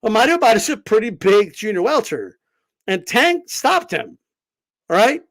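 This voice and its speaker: A man with a strikingly high voice rants about boxing on a livestream, brash and profane. His pitch leaps up and down as he mocks commenters in his casual style. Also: very animated, moderate pace, vocal fry, fairly bright tone. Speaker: boxing channel host. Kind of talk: animated livestream rant.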